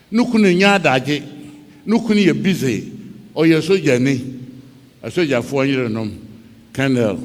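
Slow, lively Ghanaian preacher in a hall. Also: male voice, a little high. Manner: dramatic storytelling, switching between English and Twi, acting out cries. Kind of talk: sermon. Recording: long reverb of a large hall.

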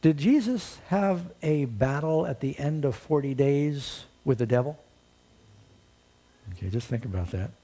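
A man's voice: mid-range voice, expressive, a little slow, mellow. A male preacher giving a sermon, retelling a story with dramatic storytelling and rhetorical questions.

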